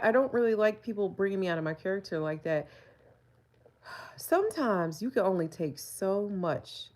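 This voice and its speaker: A woman, chatting candidly on a live stream and laughing often. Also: fairly low pitch. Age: 40s. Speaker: livestreamer. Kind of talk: casual live-stream chat.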